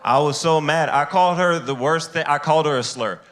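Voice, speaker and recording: A man doing a stand-up set on a club stage. He is animated and jumps into high, squeaky character voices for the people in his stories, speaking into a handheld mic. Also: fairly quick, crowd noise. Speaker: stand-up comedian. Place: comedy club stage with a live audience.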